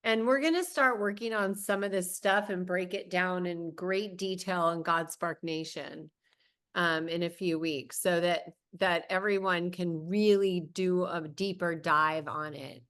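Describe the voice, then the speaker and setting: A woman with a slightly low voice co-hosts a casual class. She speaks briskly and keeps the session moving from point to point. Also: fairly even intonation, a bit bright, clear, resonant tone. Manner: brisk, steers the session along. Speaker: co-host. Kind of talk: casual moderating of a lesson.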